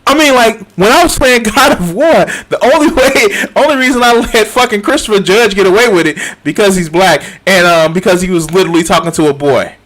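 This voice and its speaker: A man's voice: high-pitched, fairly quick, hardly any pauses, a bit bright. A man in his thirties giving a casual reaction commentary, swearing often, laughing and repeating himself. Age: 30s. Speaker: streamer reacting to a video.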